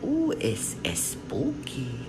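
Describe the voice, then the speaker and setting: A man playing a slow-talking drama queen. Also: medium pitch, wildly swooping pitch, noisy background. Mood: campy. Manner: dramatic, gossipy storytelling with camp exclamations. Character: flamboyant middle-aged Southern man stuck in lockdown. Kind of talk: comic character monologue. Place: home, indoors.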